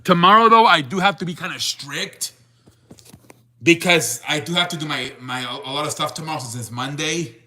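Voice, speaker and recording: A young man hosting a sports stream, talking loosely to his chat with lots of restarts. His voice sits a bit high and sounds bright and forceful. He keeps it casual and unscripted. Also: normal speed. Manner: rambling, restarts, reads chat aloud. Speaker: sports show host.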